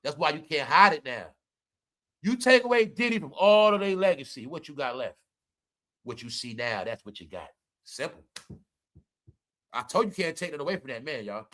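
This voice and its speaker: A man with a high-pitched, sharp-edged voice runs a ranting commentary vlog. He scolds and curses at his viewers and repeats every point for emphasis. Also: animated, normal speed, pauses often. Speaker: commentary vlogger.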